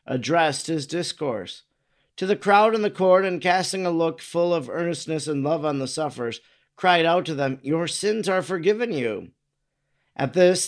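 A man narrating a religious text in a measured, formal reading. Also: a little high.

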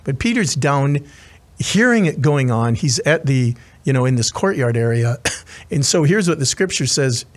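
A man's voice: mid-range voice, expressive, moderate pace. A man preaching as a chaplain, retelling a scripture story earnestly with frequent restarts and asides. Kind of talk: sermon.

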